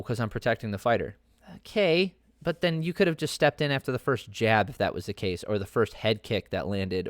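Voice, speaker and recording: A man's voice: mid-range voice, no echo, studio quality. A man hosting a podcast, giving casual, opinionated fight commentary that rambles with many fillers and restarts. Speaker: podcast host.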